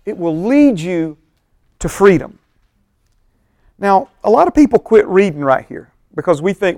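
A male pastor with a high voice leads a Bible study class energetically, frequently stopping to check whether his listeners are following. The sound is close and dry, without any room echo.

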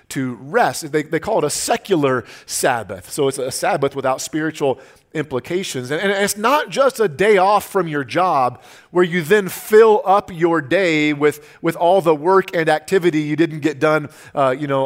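A middle-aged man delivers a sermon in an earnest, conversational way. His voice sits a little higher than most men's, and he often stumbles and restarts mid-phrase as he talks. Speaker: pastor.

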